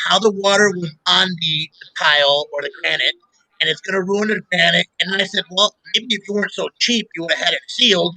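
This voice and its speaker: A middle-aged man hosting a casual chat show, telling animated stories and laughing often. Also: sits high, dry recording, low-quality recording. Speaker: show host. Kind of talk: casual radio-style chat.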